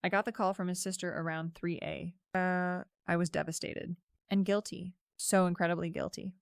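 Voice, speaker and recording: A woman narrating a scripted first-person story in a steady, reflective way. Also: lowish voice, moderate pace, gravelly, clean tone, no room sound, clean studio sound.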